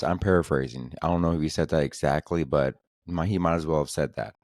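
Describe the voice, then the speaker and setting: A man with an extremely deep, low voice hosts a solo podcast, rambling loosely from one thought to the next and peppering his talk with crude jokes and swearing. The sound is close and dry, with no room echo. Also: quick pace, hardly any pauses, a little mellow. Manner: rambling, profane, joking. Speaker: podcast host.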